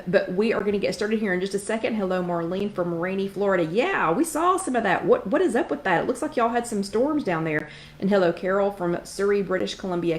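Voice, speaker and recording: Middle-aged woman, livestream host, chatty and friendly, lots of ums while she greets viewers one by one. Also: mid-range voice. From Knoxville, Tennessee. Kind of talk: casual live-chat greetings.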